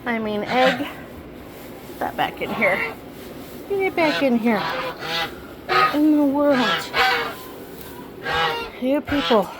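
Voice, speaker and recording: A woman's voice: on the high side, very noisy. A woman who keeps birds, chatting sweetly to her hens and ducks as she gathers eggs outdoors. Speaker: backyard bird keeper. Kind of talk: casual narration while gathering eggs. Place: outdoors in a poultry yard. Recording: loud farm birds behind.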